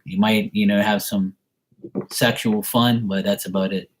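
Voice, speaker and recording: Man from Bermuda, low voice, casual live chat, rambling, self-amused. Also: level tone, a little slow. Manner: chatty and rambling, laughs at himself. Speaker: online reader answering viewer messages.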